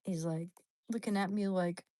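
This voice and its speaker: A woman hosting a livestream, chatting casually with viewers in a rambling, animated, slangy way, with sudden high squeals. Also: normal speed, no echo. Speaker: livestream host.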